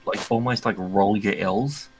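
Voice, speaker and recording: A man in casual voice chat on a live stream, making wry deadpan jokes. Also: on the low side, measured pace, crowd noise.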